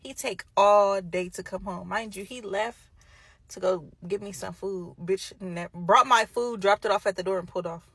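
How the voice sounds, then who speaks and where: A young woman spills a messy personal story in a casual chat. She talks bluntly, curses freely, and sounds gossipy. Her pitch sits in the ordinary middle range. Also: normal speed, fairly bright tone, slightly rough, no echo, rough recording.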